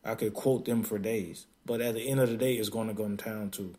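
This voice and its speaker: A man with a somewhat low voice talks straight into a podcast mic. He is blunt and emphatic and laughs often, slipping into quick mocking impressions of other people. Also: fairly even intonation, warm tone. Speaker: podcast host. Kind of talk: casual podcast monologue.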